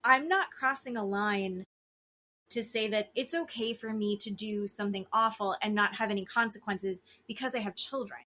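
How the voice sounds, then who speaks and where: With a little hiss or hum in the audio, a woman's medium-pitched voice comes through at a moderate pace. She co-hosts a casual podcast chat, blunt and animated, swearing freely and putting on voices for the people she mentions.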